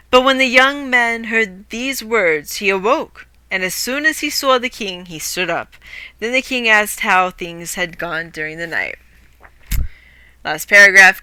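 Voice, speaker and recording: A woman's voice: medium pitch, animated, moderate pace, bright, forceful tone, clean tone, no echo. A woman streamer reading a grim fairy tale aloud, often breaking off to swear and rant about it. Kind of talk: casual story reading with commentary.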